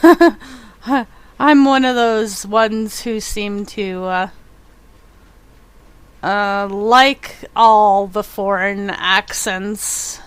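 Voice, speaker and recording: A woman's voice: mid-range voice, very slow, pauses often, clean tone. A young woman from Canada, chatting casually and giggling as she streams a game and talks to her viewers. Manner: chatty, giggly, reacts to chat. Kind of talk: casual chat with live viewers.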